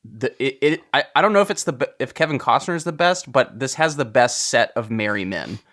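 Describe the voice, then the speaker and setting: A man hosting a film podcast in casual chat, steering the talk, with sentences that often trail off softly. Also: medium pitch, lively intonation, a little fast. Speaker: podcast host.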